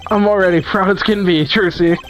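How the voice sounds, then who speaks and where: A woman's voice: medium pitch, steady tone, a little fast, soft background music, close to an everyday voice. A woman voicing an earnest, emotional young male defense lawyer in a fan-made courtroom game. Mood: heartfelt. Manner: earnest and heartfelt, voice catching with emotion.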